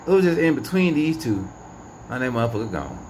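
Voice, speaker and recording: With a mid-range voice and slightly fast delivery, a man talks animatedly to viewers as he records the night sky outside on his phone camera. He swears and sounds disbelieving. Crickets, insects, and passing traffic fill the noisy recording.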